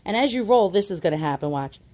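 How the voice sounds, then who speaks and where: A woman's voice: mid-range voice, expressive, fast talker, a little mellow. A woman giving a casual home how-to demonstration while filming on a handheld phone, chatty and self-deprecating with plenty of fillers. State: out of breath at times. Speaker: YouTube channel host.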